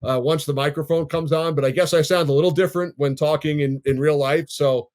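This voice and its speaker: A man in his fifties from Long Island, New York, a sports broadcaster telling his story in a measured, easygoing way as a podcast guest. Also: on the high side, steady tone, a little mellow. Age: 50s.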